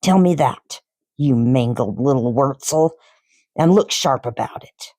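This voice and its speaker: A woman's voice: very deep voice, animated, mellow, dry recording, studio quality, heavily acted. The Trunchbull, a woman doing a bellowing bully headmistress. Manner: barking insults, slow and emphatic. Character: bullying giant headmistress, furious and insulting.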